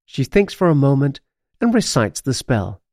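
A man reading a children's audiobook aloud in an expressive storytelling manner. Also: mid-range voice, normal speed, dry recording, clean studio sound. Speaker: audiobook narrator.

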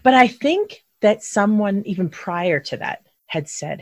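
A woman from Philadelphia hosting a casual interview, chatty and animated as she reminisces. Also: mid-range voice, a little slow, few pauses, dry recording. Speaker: podcast host.

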